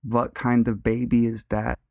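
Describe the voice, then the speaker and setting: A man's voice: mid-range voice, flat delivery, measured pace, gravelly, warm tone, dry recording, studio quality. A man voicing a pushy middle-aged woman with a Russian accent who speaks broken English and insists on buying a baby. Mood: prying.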